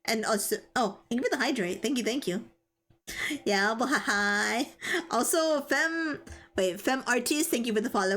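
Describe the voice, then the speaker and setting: A woman's voice: on the high side, moderate pace, fairly bright tone. Bubbly giggly young woman streamer. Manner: bubbly and giggly, greeting chat. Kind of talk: casual live-stream chat.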